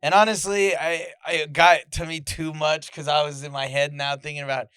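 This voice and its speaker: Bright, clear-voiced joking young man. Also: on the high side, little pitch movement, normal speed, few pauses, dry recording, clean studio sound. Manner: joking, swears freely, acts out stories. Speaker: podcast co-host. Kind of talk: casual sibling chat.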